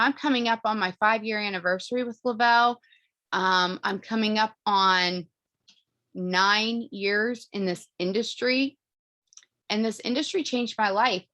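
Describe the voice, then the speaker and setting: A woman's voice: mid-range voice, a bit bright, no room sound. A woman in her thirties leading her team on a motivational video call, talking earnestly with many fillers, her voice turning tearful. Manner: earnest, emotional, rambling with fillers. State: tearful, voice breaking. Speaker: team leader.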